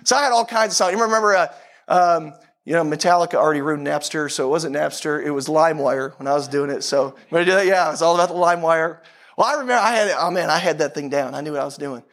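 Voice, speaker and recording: A man's voice: on the high side, fast, fairly bright tone. A man in his thirties preaching a sermon in a conversational, storytelling way, with self-deprecating humor. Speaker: pastor.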